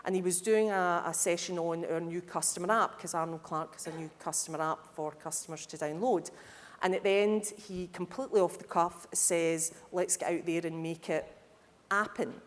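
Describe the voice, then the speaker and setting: A woman speaking to a live audience at a conference, lively and candid, with humorous asides. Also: on the low side, moderate pace. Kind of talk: conference talk. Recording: hall reverb.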